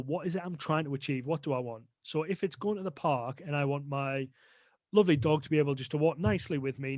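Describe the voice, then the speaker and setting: A man's voice: on the high side, no echo. A man talking as a guest on a podcast, explaining dog training in a chatty way with lots of fillers. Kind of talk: casual podcast interview.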